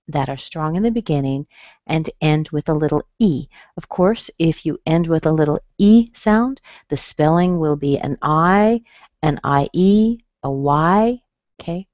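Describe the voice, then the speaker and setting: An American woman teaching pronunciation over a webinar, her voice sitting a little low and moving at an unhurried pace. She is patient and clear, spelling out each sound. The audio is dry and somewhat dull, like a computer mic. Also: darkish tone, no room sound. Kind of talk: webinar lesson.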